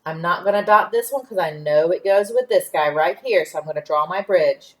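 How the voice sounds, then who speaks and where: A woman teacher giving a phonics lesson to young children, sounding out letters and syllables deliberately and praising answers. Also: on the low side.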